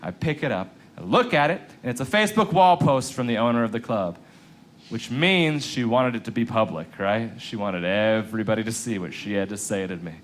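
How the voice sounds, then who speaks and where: A man performing a stand-up comedy set on a club stage, telling a story with lively swings in pitch for the excited parts. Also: brisk, slight background noise. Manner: animated storytelling, jumps up high in pitch for excited bits.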